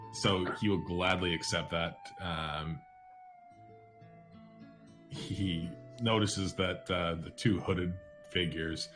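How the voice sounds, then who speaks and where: Low-voiced guy running a tabletop game, lots of ums, music in the background. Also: fairly even intonation. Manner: halting, many ums and restarts. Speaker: dungeon master.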